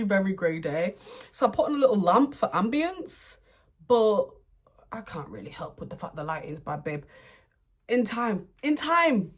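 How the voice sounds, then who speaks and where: A young woman chatting casually while doing her makeup at home, laughing often and breaking into playful bursts of excitement. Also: medium pitch. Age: young adult. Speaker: beauty vlogger. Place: home room, indoors.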